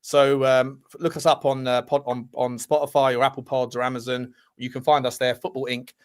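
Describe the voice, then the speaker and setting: A man's voice: mid-range voice, flat delivery, brisk, clear, resonant tone. A man co-hosting a football podcast, chatting casually and rambling through sponsor plugs. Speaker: podcast co-host.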